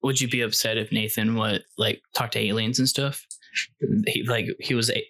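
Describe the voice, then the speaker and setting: A man's voice: on the low side, flat delivery, moderate pace, pushed and bright. A young man co-hosting a podcast, throwing in goofy, absurd jokes. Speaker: podcast co-host. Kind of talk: casual joking chat.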